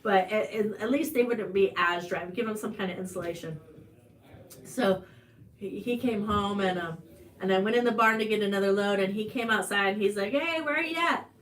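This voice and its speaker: Hosting a farm channel's live stream, an Ozark-accented American woman tells a personal story chattily, restarting and using fillers as she goes. Her tone is steady and her pace moderate, but emotional parts send her voice climbing high.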